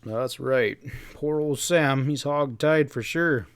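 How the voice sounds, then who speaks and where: A man's voice: mid-range voice, slow pace, smooth, dry recording. A man voicing a folksy, meek middle-aged rancher in a western audiobook, talking in plain cowboy speech. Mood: easygoing. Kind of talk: audiobook character voice.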